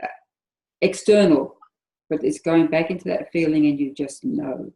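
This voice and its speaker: Low-voiced woman host in a roomy echo. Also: moderate pace, vocal fry, warm tone, a little hiss or hum. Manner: affirming and eager to interject. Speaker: interview host. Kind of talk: casual interview chat.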